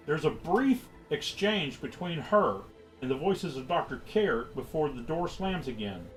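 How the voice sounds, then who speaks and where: A man's voice: a little high, faint music behind. A man running a tabletop horror game, narrating scenes and describing clues. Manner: unhurried, expressive narration. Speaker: game master.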